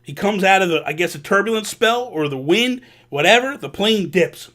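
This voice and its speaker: A man hosting a vlog, telling a personal story in an animated, casual way with slang. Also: sits high, normal speed. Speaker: vlog host. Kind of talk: storytelling to camera.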